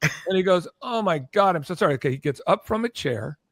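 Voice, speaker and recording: An older man spins a lively anecdote as a podcast guest, slipping into the voices of the people he quotes. His voice sits a little higher than most men's, and the recording is close and dry with no room sound. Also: a little fast, gravelly, no room sound. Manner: animated, acts out quoted voices, keeps checking in with "okay?". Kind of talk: anecdotal storytelling in conversation.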